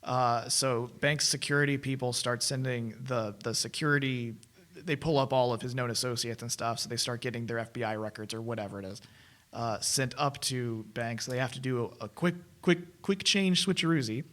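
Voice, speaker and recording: A man co-hosting a film podcast, recapping a movie in a lively, rambling way and laughing often. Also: mid-range voice, moderate pace. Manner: enthusiastic, laughs often, restarts phrases. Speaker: podcast co-host. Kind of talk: casual film review chat.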